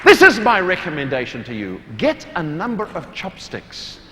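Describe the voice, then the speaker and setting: A man with a New Zealand accent giving a humorous talk to a large hall audience, animated and playful, with loud acted-out quotes. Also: high voice, normal speed, a crowd in the background. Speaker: motivational speaker. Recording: reverberant hall, faint room noise.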